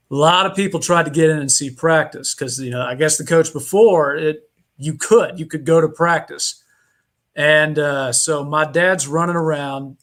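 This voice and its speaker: A man's voice: fairly high pitch, a bit bright. A man from Indiana, a podcast guest on a remote call, telling a story in a rambling, casual way with many fillers and restarts.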